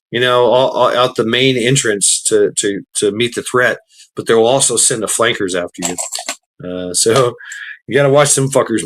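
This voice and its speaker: A man's voice: medium pitch, fairly bright tone. A man chatting casually while gaming, rambling with many restarts and fillers, swearing freely.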